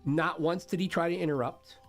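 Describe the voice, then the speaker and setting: A man streaming, telling a story casually to his chat, animated, swearing freely and laughing often. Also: fairly high pitch, brisk, soft background music.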